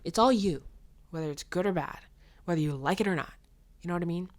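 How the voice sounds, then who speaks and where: A young woman hosting a casual solo podcast, telling a story and giving blunt, animated advice in which she acts out voices. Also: fast. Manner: animated storytelling, acts out quoted voices with big pitch jumps; frank and blunt, with mild swearing. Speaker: podcast host.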